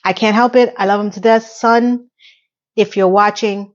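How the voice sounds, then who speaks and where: A woman's voice: fairly even intonation, highs cut off. A middle-aged woman recapping a TV episode in a chatty, emotional solo vlog. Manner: chatty and emotional, with quick rises in pitch. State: tearful. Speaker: TV recap vlogger.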